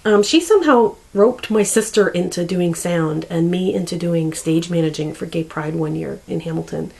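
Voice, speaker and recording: A woman's voice: fairly low pitch, normal speed, creaky, a little mellow, low-quality recording. A woman in her forties chatting casually to the camera, rambling and often searching for words. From Canada. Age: 40s. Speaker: vlogger.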